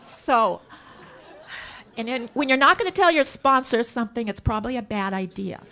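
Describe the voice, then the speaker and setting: A woman giving a personal story share at a recovery meeting, animated and acting out her own thoughts as she tells it. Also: on the high side, normal speed. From Southern California. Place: hotel conference room.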